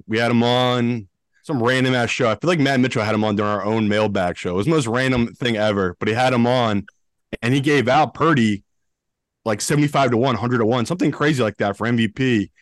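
A man's voice: mid-range voice, a little fast, no room sound. A blunt man with a northern English accent talks sports bets casually, swearing freely. His voice sits mid-range, recorded dry and close. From England. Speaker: co-host, professional bettor. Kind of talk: casual chat.

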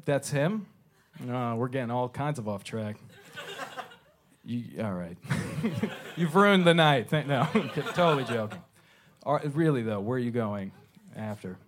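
A man's voice: mid-range voice, expressive, measured pace, slight background noise. A man doing stand-up crowd work on a club stage, teasing the audience in a wry, self-deprecating way. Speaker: stand-up comedian.

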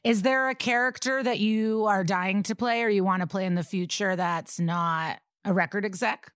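A woman's voice: medium pitch, steady tone, moderate pace, a bit bright, dry recording, clean studio sound. A woman co-hosting a casual interview podcast, chatty and asking questions between laughs. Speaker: podcast co-host.

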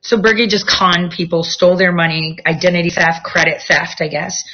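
A woman vlogs from home in a casual, rambling way, hopping between topics as they come to her. Her voice sits low and a bit husky. The recording sounds dull and lo-fi. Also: fairly even intonation, moderate pace. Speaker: vlogger. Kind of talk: casual chat to viewers. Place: at home, near a bedroom studio.

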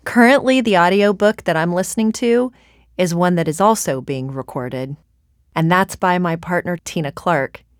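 A woman's voice: fairly low pitch, normal speed, dry recording. A woman author talking earnestly about recording her audiobook, in a close studio recording. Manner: earnest, heartfelt, laughs at herself.

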